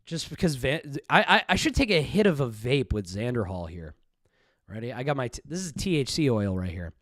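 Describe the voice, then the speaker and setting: A man's voice: medium pitch, sing-song, fairly quick, a bit bright, no room sound, studio quality. A man streaming casual commentary, rambling and profane, jumping between topics.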